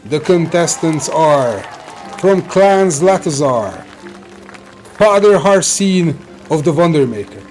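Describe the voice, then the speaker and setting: A man voicing a male race announcer who makes slow, grand proclamations to a crowd. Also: on the high side, animated, a little mellow, faint music behind, voice pushed up. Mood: proclaiming.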